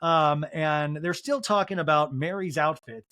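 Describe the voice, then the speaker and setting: A man's voice: fairly high pitch, unhurried, bright, forceful tone. A man hosting a podcast, recapping a TV episode comically with gossipy, wry asides. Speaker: podcast host. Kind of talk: comedic solo TV recap.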